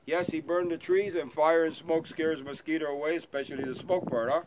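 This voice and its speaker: A man's voice: on the high side, fairly even intonation, brisk, low-quality recording. A man guiding an airboat tour outdoors, talking to his passengers in a playful, teasing way and telling stories. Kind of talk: joking guided tour talk to passengers. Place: outdoors on a moving airboat in wetlands. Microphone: 360 camera mounted on the boat. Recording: loud wind and airboat engine noise.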